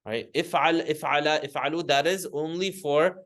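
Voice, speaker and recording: A man with a higher, fairly bright voice and fairly even intonation teaches an Arabic grammar class at normal speed. He explains each step, often corrects himself, and chants word forms that the students repeat.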